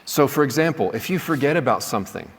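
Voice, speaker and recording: A man's voice: medium pitch, expressive, fast talker, husky. A man teaching a class in a conversational way, often checking in with "right?" as he explains a point. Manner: conversational, checks in with "right?", acts out sample apologies. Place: lecture hall. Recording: long hall reverb.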